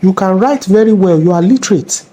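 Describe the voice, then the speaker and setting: A man's voice: high-pitched, fairly quick, warm tone. A man with a Nigerian accent playing a bossy, mocking middle-aged police officer in a comedy skit. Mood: scolding. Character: bullying middle-aged male traffic cop.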